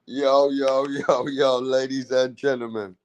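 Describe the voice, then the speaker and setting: Slow-talking excitable man. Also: medium pitch, clear, resonant tone, dry recording, muffled recording. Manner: excitable, laughing, slangy. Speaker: boxing commentary vlogger. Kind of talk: casual reaction commentary.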